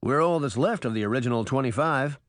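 A man's voice: mid-range voice, expressive, fast, dry recording, clean studio sound, lightly acted. A man doing a folksy mirror spirit. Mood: explaining. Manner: explanatory, folksy. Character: friendly explaining male mirror spirit.

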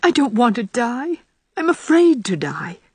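A frail, frightened young woman, as a female reader puts her on, pleading in a high, trembling voice. The tone stays breathy and husky, close and dry. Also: normal speed, darkish tone, dry recording, natural voice.

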